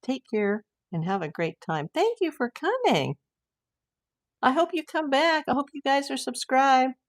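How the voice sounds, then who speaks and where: A woman's voice: sits high, big pitch swings. An older woman from the United States, hosting a casual livestream, chatting and reading out viewer messages with frequent exclamations. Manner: chatty and exclamatory, quick to say wow. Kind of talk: casual live chat.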